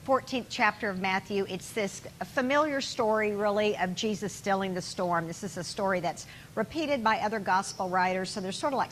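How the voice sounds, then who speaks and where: A woman giving a sermon in a relaxed, conversational way, with informal asides. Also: mid-range voice, slight background noise, poor audio. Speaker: guest preacher.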